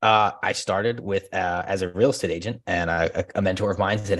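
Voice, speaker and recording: A man with a fairly low voice and a brisk, fast pace tells stories in a relaxed podcast chat. He laughs easily and switches into animated voices when he acts out phone calls. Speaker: guest, former real estate agent. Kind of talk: casual podcast conversation.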